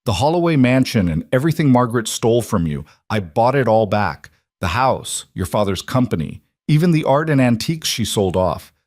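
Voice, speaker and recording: A man voicing a cold, controlled male mafia boss who speaks quietly and with menace. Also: medium pitch, big pitch swings, brisk, few pauses, no room sound, clean studio sound. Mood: tender. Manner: quiet and deadly.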